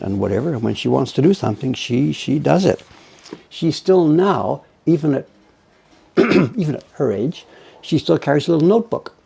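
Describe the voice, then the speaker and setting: An older man talks through his printmaking work in a relaxed, rambling way, often stopping to correct himself. His voice is gravelly and husky, with a mellow, dark tone. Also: medium pitch. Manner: rambling, self-correcting, chatty. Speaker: printmaker streaming live. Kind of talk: casual live-stream chat while working.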